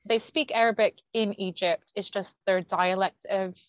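A woman's voice: mid-range voice, steady tone, moderate pace, no room sound. Young American woman, Arizona-raised, slight British tinge, chatty guest, dry lo-fi sound. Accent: American with some British pronunciation picked up from living in London. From Arizona, United States. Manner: chatty, storytelling, laughs at own anecdotes. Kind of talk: casual interview chat.

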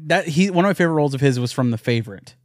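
A man's voice: fairly high pitch, lively intonation, racing, a little mellow, dry recording, clean studio sound. A man in casual chat, playful and joking, swearing casually.

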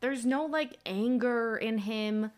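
A woman's voice: fairly high pitch, slow, darkish tone. A young woman co-hosting a podcast, chatting casually about a book, full of "like"s and laughing as she retells scenes. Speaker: podcast co-host.

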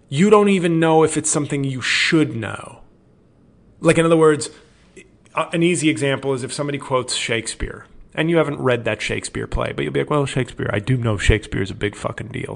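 Guy comedian venting on his podcast, swears a lot, acts out both sides of arguments, normal mid pitch. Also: gravelly, fairly bright tone. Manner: exasperated, profane, acts out quoted exchanges. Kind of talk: solo comedy podcast rant.

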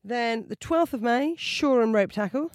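A woman's voice: fairly high pitch, animated, normal speed, a little mellow, dry recording, studio quality. A woman co-hosting a casual comedy podcast, telling self-mocking stories in a chatty way. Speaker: podcast co-host.

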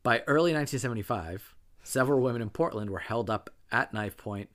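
A man's voice: medium pitch, fairly quick, fairly bright tone. A man co-hosting a podcast, reading out case notes in a dry, matter-of-fact way during casual chat. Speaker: podcast co-host and narrator of the case.

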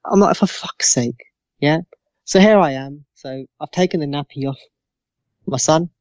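A man's voice: fairly high pitch, normal speed, darkish tone, no room sound. A man in his thirties spins a rowdy anecdote as a podcast co-host, swearing freely and slipping into little voices for the people in his story. The sound is dry and a bit dull, like a modest lo-fi setup. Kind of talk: casual storytelling.

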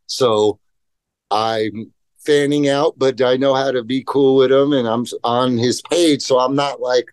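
A middle-aged man and pro skateboarder, telling stories in casual chat, animated and profane, acting out quotes in voices. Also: medium pitch, a little slow, clean tone, no room sound.

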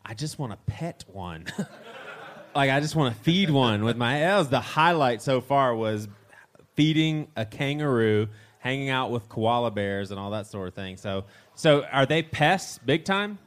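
A man's voice: mid-range voice, animated, measured pace. Easygoing man at a live pub podcast. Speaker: podcast co-host.

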